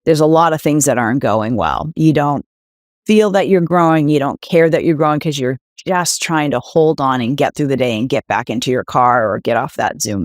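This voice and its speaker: A woman's voice: rumbling low, no echo, studio quality. A middle-aged woman executive, a guest in an interview, speaking emphatically and asking rhetorical questions. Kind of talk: candid interview conversation.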